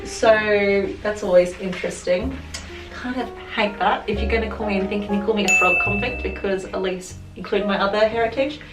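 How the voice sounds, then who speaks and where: A woman's voice: medium pitch, steady tone, brisk. A woman with an Australian accent chatting to camera as a vlogger, rambling and correcting herself as she goes. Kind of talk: casual chat to camera. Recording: roomy echo, mic at a distance, music behind. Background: music.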